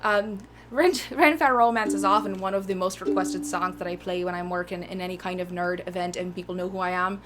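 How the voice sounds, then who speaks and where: A woman jokingly putting on a deliberately bad Irish accent while chatting on her music stream. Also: fairly low pitch, fairly even intonation, voice pushed down, close to an everyday voice. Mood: playful. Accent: mock Irish. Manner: joking, exaggerated put-on accent. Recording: loud ukulele music behind the voice.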